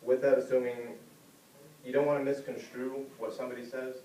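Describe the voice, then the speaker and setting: A man speaks casually to a class, mimicking the people in his stories with jumps up in pitch. His voice is dark and mellow. It is caught by a camera at the back of an echoey classroom with faint ambience. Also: flat delivery, brisk. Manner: conversational, acts out quoted people with big pitch jumps. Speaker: student giving a class speech. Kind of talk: informal classroom speech. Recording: roomy classroom heard from a distant camera.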